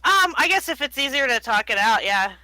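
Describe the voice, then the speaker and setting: A woman's voice: high-pitched, sing-song, a little fast, sharp tone, dry recording. A woman player in a casual tabletop role-play session, rambling with lots of fillers and giggling.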